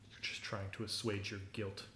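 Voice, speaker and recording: A man voicing a bitter, spiteful woman who hurls cold accusations in a hushed tone. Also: fairly low pitch, level tone, normal speed, roomy sound, slight background noise.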